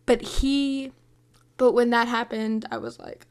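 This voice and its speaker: A woman's voice: on the high side, fairly even intonation, unhurried, clear, resonant tone. A young woman hosting a podcast, rambling through a casual film review with constant fillers and restarts. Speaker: podcast host.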